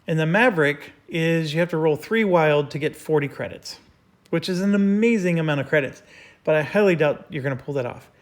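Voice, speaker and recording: A man's voice: fairly high pitch, a little fast. A man hosting a board game playthrough, explaining each move step by step with frequent fillers. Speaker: host.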